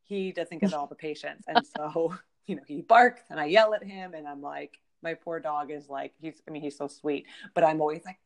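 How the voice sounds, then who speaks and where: A woman's voice: low voice, steady tone, moderate pace, gravelly, few pauses. A woman in her thirties, a guest in a casual conversation, talking in an upbeat, chatty way full of "you know".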